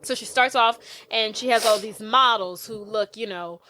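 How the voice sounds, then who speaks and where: A woman's voice: on the high side, normal speed, slight background noise. A woman co-hosting a podcast, animatedly recapping a film in casual chat and acting out the characters. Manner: animated storytelling, acts out characters. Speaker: podcast co-host.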